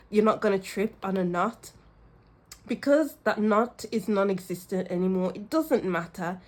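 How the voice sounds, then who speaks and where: A woman's voice: medium pitch, a little mellow. A woman giving a casual pick-a-card tarot reading, effusive and emotional, laughing often as she talks straight to the viewer. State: teary at times. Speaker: tarot reader.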